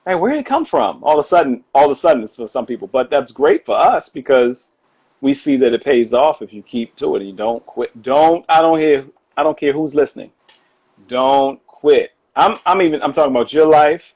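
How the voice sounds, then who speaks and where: A man talking casually on a live stream as a guest author, animated and quick to laugh, often repeating himself. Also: mid-range voice, husky, dull audio. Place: home. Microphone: phone or video call.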